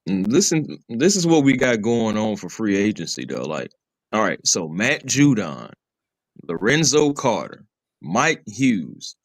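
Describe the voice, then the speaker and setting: A man co-hosting a casual sports talk show who lays out his views steadily and backs others up with quick affirmations. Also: fairly low pitch, no room sound. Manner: steady, lists players, frequent affirmations. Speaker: sports podcast co-host.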